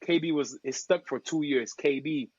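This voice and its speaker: A man from Togo, a podcast guest and DJ, telling stories in casual chat with slangy, lively talk. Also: a little high, moderate pace, slightly rough, dry recording, lo-fi sound. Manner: lively, acts out quoted voices, slangy.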